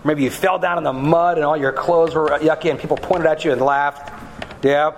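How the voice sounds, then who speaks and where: Male pastor, earnest and measured, slightly high voice, faint room hum. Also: fairly even intonation. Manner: earnest, measured preaching, gentle with children. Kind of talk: sermon with scripture reading and children's talk.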